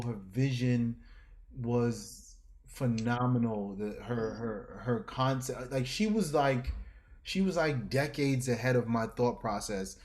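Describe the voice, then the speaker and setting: A man from New York telling stories as a podcast guest, lively, jumping into exaggerated voices when he quotes himself. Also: mid-range voice. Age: adult with a school-age son. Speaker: guest artist. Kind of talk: casual storytelling.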